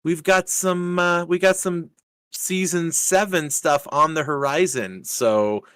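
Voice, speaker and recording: A man's voice: a little high, slow, a bit bright, clear, resonant tone, no echo. A man hosting a racing league live stream in casual chat, rambling with lots of fillers and restarts in an upbeat way.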